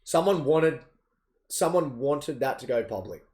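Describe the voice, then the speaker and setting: A man's voice: a little high, lively intonation, measured pace, darkish tone. Young man, casual podcast chat, opinionated, swearing. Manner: chatty, opinionated, swears freely. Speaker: podcast co-host. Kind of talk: casual chat about basketball.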